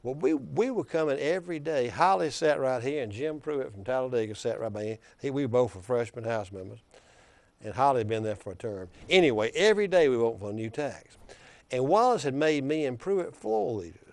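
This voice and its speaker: A man's voice: mid-range voice, animated, a little fast, dry recording. An older man, a former state legislator telling political anecdotes in a rambling, conversational way. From Alabama. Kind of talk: storytelling in casual conversation.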